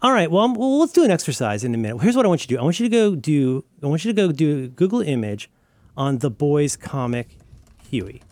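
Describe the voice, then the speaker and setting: A man co-hosting a casual podcast chat, talking in an animated, rambling way with many fillers and restarts. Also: on the high side, fast talker, dry recording. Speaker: podcast co-host.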